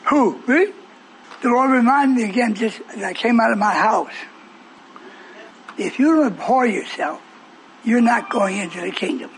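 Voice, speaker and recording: A man's voice: very high voice, moderate pace, pauses often, slight background noise. A man preaching a sermon, confronting and questioning his congregation.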